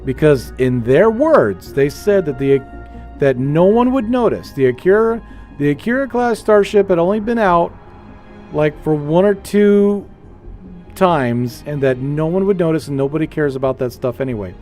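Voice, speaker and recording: A man chatting casually while streaming a space game, rambling and animated as he tells stories. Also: fairly high pitch, moderate pace, faint music behind. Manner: rambling, animated storytelling with playful put-on voices. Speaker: gaming streamer. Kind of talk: casual gameplay chat.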